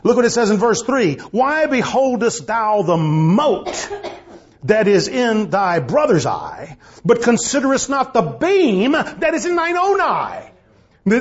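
With a husky, high-pitched voice, a man reads King James scripture in a sermon about marriage, pushing his points with increasing emphasis. The recording sounds dull and lo-fi.

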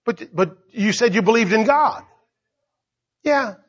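An older man preaching a sermon as pastor, emphatic and rising to shouts. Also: high voice, lively intonation, a little slow, breathy edge. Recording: dull lo-fi recording.

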